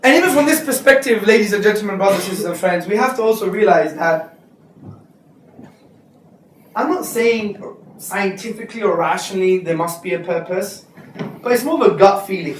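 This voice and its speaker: A man giving a lively, joking lecture to students, slipping into street slang. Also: high voice, moderate pace, long pauses, a little hiss or hum. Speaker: Islamic speaker. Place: lecture hall. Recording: echoey hall recorded from far off.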